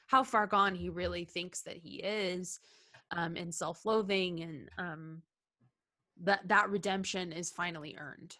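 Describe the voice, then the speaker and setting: A woman co-hosting a podcast discusses a film scene in a voice on the low side, steady and sharp in tone, and unhurried. The chat is casual and heartfelt, marked by hesitation, many ums and restarts, and frequent laughs, all delivered earnestly.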